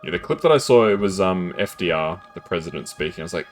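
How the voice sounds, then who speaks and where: A man's voice: low voice, expressive, fast talker, faint music behind. A man casually commentating his gameplay on a live stream, chatty and self-deprecating, laughing often.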